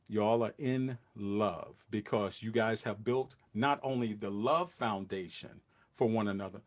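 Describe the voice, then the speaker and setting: Slangy, animated male podcast host. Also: mid-range voice, no echo, studio quality. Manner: street slang, animated asides and acted-out quotes. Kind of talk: casual solo talk to listeners.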